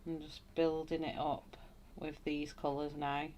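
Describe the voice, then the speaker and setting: Low-voiced woman chatting through a colouring demo. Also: little pitch movement, measured pace, hardly any pauses, darkish tone, a little hiss or hum. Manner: thinks aloud, greets chat viewers, laughs often. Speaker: colouring tutorial host. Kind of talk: live colouring demonstration, chatty.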